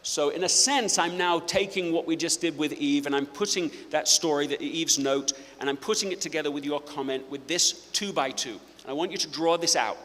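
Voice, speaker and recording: A man giving a live presentation to an audience, playful and energetic, often restarting his phrases. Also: fairly high pitch, brisk, hardly any pauses. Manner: energetic, self-interrupting, playful. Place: auditorium with audience. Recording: hall reverb.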